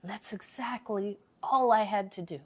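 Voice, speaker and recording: Her voice still a little worn from a sore throat, a woman talks in an unhurried, medium-pitched voice during a casual live-stream chat. She speaks earnestly and motivationally, repeating phrases for emphasis.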